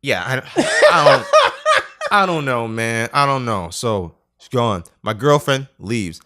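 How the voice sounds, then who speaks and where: Animated young man telling a story. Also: slow, noisy background. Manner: animated, acts out quotes with big pitch jumps, laughs often. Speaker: podcast co-host. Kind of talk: casual storytelling chat.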